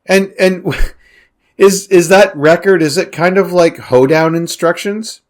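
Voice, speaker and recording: A man's voice: sits high, unhurried. A man from Canada co-hosting a movie podcast, chatting casually with jokey sarcastic asides. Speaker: podcast co-host. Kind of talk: casual movie review chat.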